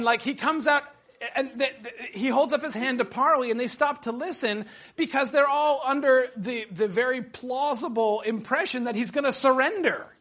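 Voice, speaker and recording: A middle-aged man teaching a class, leading discussion and quoting passages with excitement. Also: very high voice.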